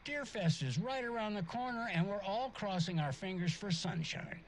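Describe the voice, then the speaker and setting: An actor playing a folksy small-town radio host with chatty, cheerful patter. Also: male voice, high voice, lively intonation, moderate pace, slight background noise.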